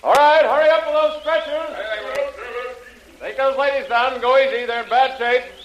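An actor playing a brisk rescue officer, commanding yet reassuring, in a muffled old radio drama. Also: male voice, mid-range voice, lightly acted. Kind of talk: 1930s radio drama acting.

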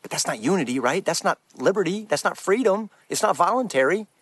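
Man, Christian speaker, high voice, earnest preaching talk, emphatic, dry close recording. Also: expressive, a little fast, fairly bright tone, breathy edge, no echo. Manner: earnest and emphatic, with many restarts.

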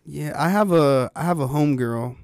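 A young man chatting casually, joking around and laughing a lot. His voice sits a bit high, and the recording is dry and close. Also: moderate pace, a little mellow, no room sound. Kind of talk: casual chat.

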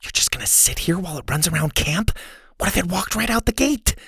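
A man putting on a spunky, outspoken camp girl, pitched far up from his normal voice, quick and teasing. A storybook kid voice, bouncy in tone, recorded dry and close. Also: animated, a bit bright, husky, no room sound, full character voice. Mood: eager.

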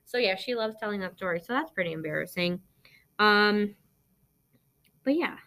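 A woman's voice: mid-range voice, expressive, normal speed, sharp tone. A young woman podcast host from Arizona, chatting casually through listener questions, rambling with lots of ums and likes, blunt and profane. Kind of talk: casual Q&A chat.

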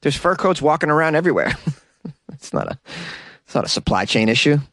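A man's voice: fairly high pitch, very animated, brisk, fairly bright tone, no echo, clean studio sound. A man hosting a casual solo podcast, chatty and jokey and rambling, who often laughs at his own jokes. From New York. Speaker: podcast host.

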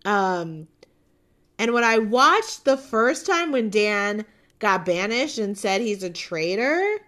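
Chatty woman, slow gushing recap. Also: on the high side, a bit bright. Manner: chatty, gushing, many fillers like "like" and "um". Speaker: podcast host reviewing a reality show. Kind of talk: casual recap chat.

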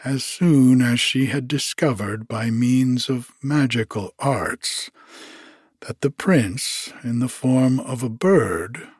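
A man narrating a fairy tale audiobook in a measured, even storytelling manner. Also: medium pitch, husky, dry recording, studio quality.

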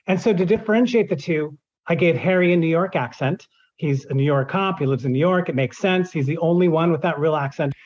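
A man's voice: on the high side, darkish tone, lo-fi sound. A man who narrates audiobooks, answering in an interview and explaining his process at length with examples.

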